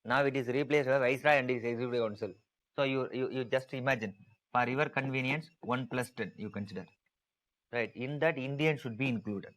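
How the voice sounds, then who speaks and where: A man teaching an online exam-prep class, drilling his points home by repeating them and stressing each one. His voice sits at an ordinary middle pitch, and he keeps checking in with his students as he goes. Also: fairly quick, a bit bright, low-quality recording. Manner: repetitive, emphatic, asks students to type answers.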